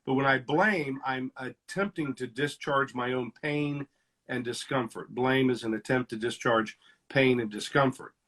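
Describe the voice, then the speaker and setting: A middle-aged male counselor talks through relationship conflict, slipping into little performances of what people say to each other. His voice is husky and sits at an ordinary pitch for a man. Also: measured pace. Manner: animated, acts out quoted lines with shifts in loudness. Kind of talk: teaching conversation.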